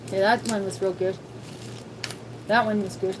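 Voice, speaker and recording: Talking at a normal pace in a steady, medium-pitched voice, a woman livestreams herself cooking in her home kitchen, chatty and thinking aloud for her viewers. There's noise in the background.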